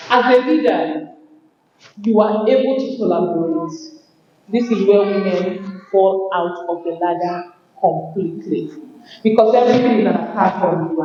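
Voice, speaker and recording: A woman giving an animated motivational talk at a conference, often acting out workplace exchanges. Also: medium pitch, slight background noise. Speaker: conference speaker. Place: conference hall. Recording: very echoey hall, dull sound.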